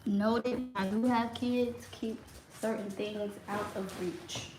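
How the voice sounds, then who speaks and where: A young woman, hosting a casual live stream from her kitchen, animated and full of "like" fillers. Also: mid-range voice, slow, over music, low-quality recording. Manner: chatty and animated, lots of "like" fillers, laughs often. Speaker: livestream host. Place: home kitchen.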